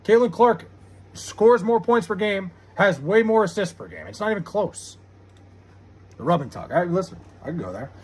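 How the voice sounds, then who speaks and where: A man's voice: sits high, expressive, normal speed, a little mellow, husky. A young man streaming live, arguing heatedly with his chat and swearing often. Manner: heated, argumentative, swears a lot.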